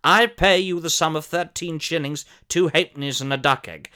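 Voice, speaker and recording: A man's voice: on the high side, normal speed, bright, forceful tone, clean tone. A man playing a pompous, posh older former soap actor who tells a comic monologue in a plummy, theatrical voice with sudden shrieks.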